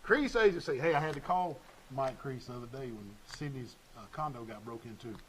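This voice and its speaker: A man's voice: medium pitch, animated, fairly quick, a little hiss or hum, low-quality recording. A middle-aged man hosting a casual local sports talk show, chatty and folksy as he runs through sponsor plugs.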